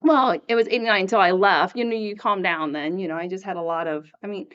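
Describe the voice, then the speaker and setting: A woman co-hosts a relaxed faith podcast in a chatty, storytelling way. Her voice sits at a middle pitch and she often breaks into laughter. The recording sounds a little dull and lo-fi. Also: fast talker, clean tone. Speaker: podcast co-host. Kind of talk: casual faith podcast chat.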